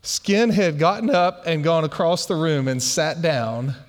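A man preaching a sermon and telling a funny story in an animated way. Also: fairly high pitch, unhurried. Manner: animated storyteller who laughs through his anecdotes. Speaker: pastor. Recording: long hall reverb.

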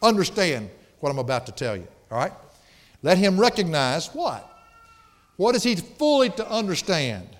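A pastor preaching a sermon in a church sanctuary, emphatic and folksy, with playful asides. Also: male voice, high voice, very animated, moderate pace. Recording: long hall reverb.

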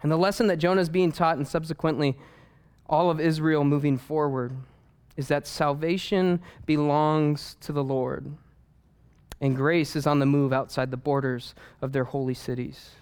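A man preaches a sermon, retelling the story with animated humor and playful asides. His voice sits a little high and sounds smooth and clear, as in a church. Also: normal speed. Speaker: pastor.

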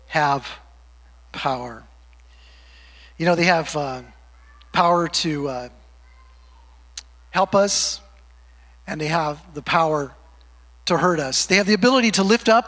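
A man with a high-pitched voice preaching to a congregation. He keeps it conversational and teases his listeners, then slows down to read verses. His voice rings out into the long reverb of a church sanctuary. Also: bright, forceful tone. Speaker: pastor. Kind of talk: sermon.

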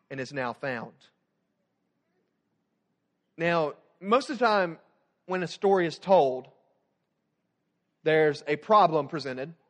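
A young man preaching a sermon as student pastor, animated, swinging from loud emphatic points to quiet soft passages. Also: on the high side.

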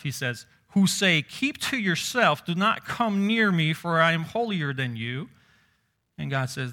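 A man's voice: mid-range voice, bright, forceful tone. A man preaching a sermon in a conversational way, raising his voice when quoting scripture.

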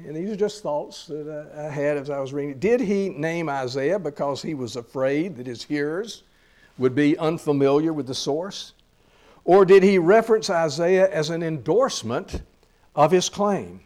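A man preaching a sermon. He grows loud and slow when he reads scripture, drops quiet on asides, and repeats phrases for emphasis. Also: on the high side. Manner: slows on key lines, repeats phrases.

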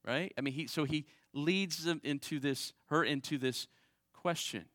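A man's voice: measured pace, no echo. Conversational male pastor preaching, dry sound. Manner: conversational preaching with frequent "right?" asides; swings between raised emphasis and quiet low asides. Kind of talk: sermon.

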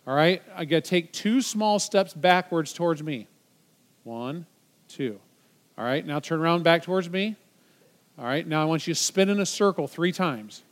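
A man's voice: a little high, animated, normal speed. A man preaching a sermon to a church congregation, conversational and encouraging, with playful banter on stage. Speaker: pastor.

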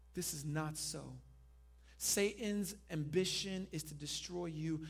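A male pastor preaching a sermon, dropping to a hush and then rising loud, and leading the congregation in call and response. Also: on the high side, creaky, slightly rough. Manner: dynamic preaching, swinging from hushed to loud.

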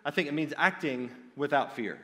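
A man's voice: a little high, animated, normal speed, a bit bright, long reverb tail. A man preaching a sermon in an earnest, direct way, often restarting his phrases.

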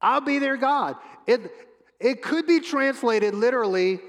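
Slow high-voiced male preacher in a hall. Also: fairly bright tone. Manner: emphatic preacher, repeats words, long pauses. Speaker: pastor. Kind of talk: sermon. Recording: long hall reverb.

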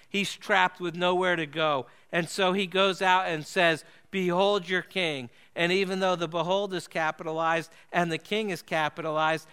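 A man preaching a sermon, earnest and emphatic, slowing and dropping his voice low to stress key phrases. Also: pushed and bright, clean tone.

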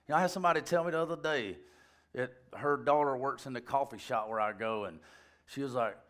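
A male pastor preaching a sermon in an animated, joking way, with rambling asides. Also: medium pitch, fast.

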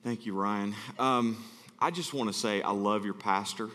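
A man's voice: lowish voice, lively intonation, moderate pace, pushed and bright, in a large hall. A middle-aged man from Alabama, preaching as a guest speaker and telling self-deprecating stories in a chatty, joking way. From Alabama, USA. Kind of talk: sermon. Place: church sanctuary.

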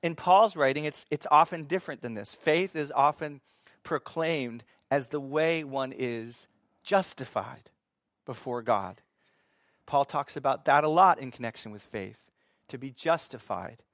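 A man teaching from the Bible in a sermon, reading scripture slowly and asking his listeners questions that he then answers himself. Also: mid-range voice, a bit bright, dry recording, clean studio sound. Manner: reads scripture slowly and deliberately. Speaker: preacher.

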